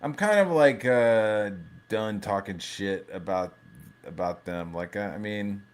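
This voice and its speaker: A man hosting a live stream in a casual, rambling rant. His voice sits on the low side, and he swears freely and jumps between thoughts. He often restarts his sentences. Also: takes it slowly. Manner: profane, rambling, animated. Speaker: livestream host.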